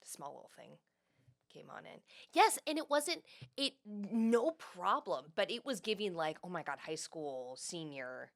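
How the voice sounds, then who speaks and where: A woman's voice: lowish voice, big pitch swings, a little slow. A woman guest on a podcast, chatting casually in a bubbly, joking way and laughing often. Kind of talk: casual chat.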